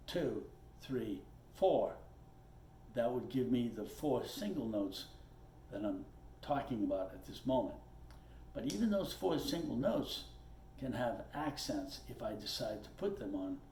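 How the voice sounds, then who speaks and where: Man, drum teacher, slow deliberate delivery, roomy echoing room, faint background hiss. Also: medium pitch, expressive, warm tone. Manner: plainspoken, repeats points, checks in with "okay". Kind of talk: patient step-by-step instruction. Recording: roomy echo, faint noise.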